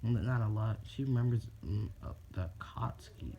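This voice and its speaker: A man's voice: on the low side, a little fast, creaky, dark tone. A man casually telling an improvised fan story, rambling and swearing. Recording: dull lo-fi recording with faint noise.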